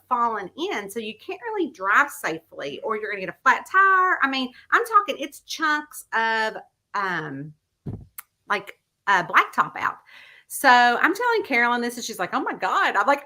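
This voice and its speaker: A mystery author chats casually in a vlog, telling her viewers an anecdote and acting out the voices of its characters with animated flair. She speaks at a moderate pace in a slightly high voice.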